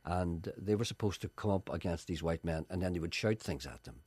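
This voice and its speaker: A man's voice: low-pitched, fairly quick, husky, dry recording. A man presenting a radio show and telling anecdotes in a chatty way, acting out the voices of the people in his stories. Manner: animated, acts out voices in anecdotes.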